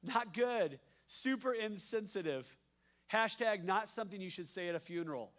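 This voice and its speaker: A male pastor preaching a sermon. He swings from hushed, slow lines to loud, emphatic ones, with a repeating cadence and playful asides. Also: on the high side, lively intonation.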